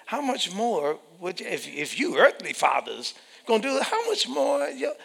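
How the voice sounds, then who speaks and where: A man preaching a sermon, emphatic and animated, repeating phrases and acting out the voices he quotes. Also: high voice, measured pace, vocal fry, breathy edge. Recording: long hall reverb.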